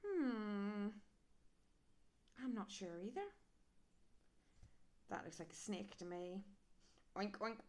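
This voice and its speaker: A woman reading a children's picture book aloud, animated and adding sound effects and questions for young listeners. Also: medium pitch, slow pace, long pauses.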